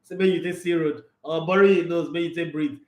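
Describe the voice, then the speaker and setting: This high-voiced Nigerian man hosts a sports chat on his livestream, speaking briskly and laughing often. He switches back and forth between Pidgin and English with lots of energy, and his bare-sounding room gives an echo.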